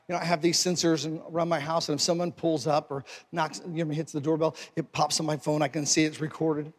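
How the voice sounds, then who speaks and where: High-voiced preacher man in reverberant hall. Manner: conversational preaching that builds to forceful exhortation. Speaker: pastor. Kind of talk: sermon.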